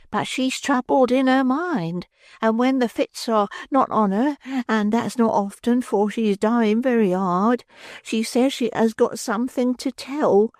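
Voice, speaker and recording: A narrator voicing a withered, ugly old pauper woman in an audiobook, with a thin, high, drawn-out wavering voice. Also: darkish tone, dry recording, studio quality. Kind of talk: audiobook character voice.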